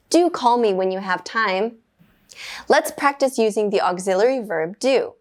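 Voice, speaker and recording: A woman teaching beginner English grammar from a script. She speaks clearly and at a measured rate, and her voice lifts brightly whenever she praises the learner. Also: mid-range voice, expressive.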